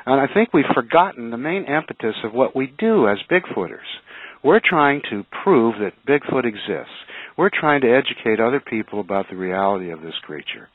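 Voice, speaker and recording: A man talks earnestly and a bit haltingly, stumbling over restarts as he makes his point. His voice is mid-pitched. It comes through a dry, tinny phone-like line. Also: expressive, no echo. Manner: hesitant, earnest, measured. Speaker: radio show co-host, museum curator. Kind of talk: casual radio talk.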